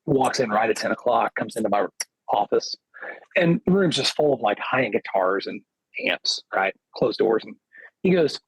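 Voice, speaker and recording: Husky-voiced man telling a story. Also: on the low side, normal speed, dry recording, poor audio. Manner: lively anecdote teller, acts out quoted dialogue. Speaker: guest guitarist. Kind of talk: casual storytelling interview.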